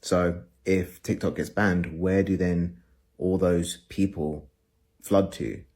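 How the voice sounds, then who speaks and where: A man with a very low voice argues his point to camera. He talks in a questioning, argumentative way. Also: steady tone, slow, a little mellow. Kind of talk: opinion talk to camera.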